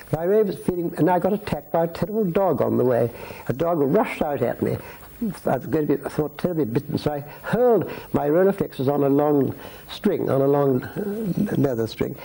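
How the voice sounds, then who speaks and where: Gravelly, husky man in his eighties. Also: medium pitch, warm tone, rough recording. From Scotland. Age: 80s. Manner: rambling, anecdotal, with restarts and asides. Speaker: interviewee, society photographer. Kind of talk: reminiscing in a filmed interview. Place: his home.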